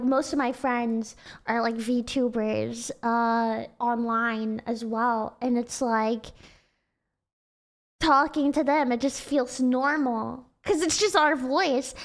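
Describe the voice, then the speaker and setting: Giggly young woman with a childlike voice. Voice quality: very high, childlike voice. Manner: chatty, giggly, rambling. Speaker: streamer. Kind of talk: casual livestream chat.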